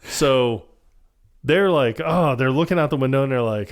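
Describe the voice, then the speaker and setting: A man's voice: medium pitch, normal speed. A man co-hosting a podcast, retelling movie scenes in casual chat and acting out the characters' lines with bursts of laughter. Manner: animated retelling, acts out film quotes with laughs. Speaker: podcast co-host. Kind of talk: casual chat recapping a film.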